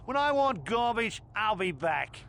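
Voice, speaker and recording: A man's voice: high voice, big pitch swings, a little slow, gravelly, fairly bright tone, full character voice. An actor playing a rude, swaggering male biker who mocks and dismisses people, heard as game audio. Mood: mocking. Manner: mocking, dismissive.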